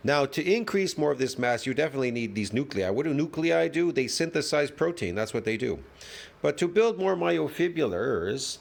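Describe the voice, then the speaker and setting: A middle-aged man hosting a reaction video, talking casually with sarcasm, rambling and trailing off into low mutters. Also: gravelly.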